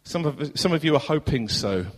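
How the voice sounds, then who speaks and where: Southern English pastor in a reverberant church. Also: male voice, fairly high pitch, expressive, moderate pace. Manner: earnest, rhetorical questions, swings between loud and hushed. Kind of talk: sermon. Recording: long hall reverb.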